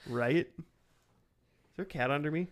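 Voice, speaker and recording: A man's voice: fairly high pitch, moderate pace. A man co-hosting a podcast, recapping an episode in rambling casual chat with many fillers. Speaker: podcast co-host recapping a cartoon.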